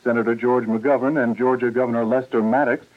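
Guy reading radio news headlines, formal and steady, tinny old broadcast sound. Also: medium pitch, brisk. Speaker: news anchor. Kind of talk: radio newscast.

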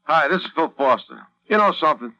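A man's voice: a little high, big pitch swings, brisk, pushed and bright, lo-fi sound. A man with a Brooklyn accent giving a chatty, wry radio ad read straight to the listeners. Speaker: ad spokesman.

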